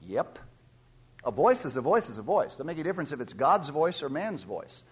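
Man preaching, lively sing-song delivery, slightly high voice, gets loud on the big points. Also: normal speed, husky. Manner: emphatic preaching that swells loud on key points; teacherly, asks the listeners questions. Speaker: pastor. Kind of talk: sermon.

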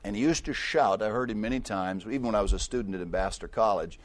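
An older man preaching a sermon, mixing personal stories with scripture, dropping to quiet asides and rising to loud emphatic peaks. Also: on the low side, quick pace.

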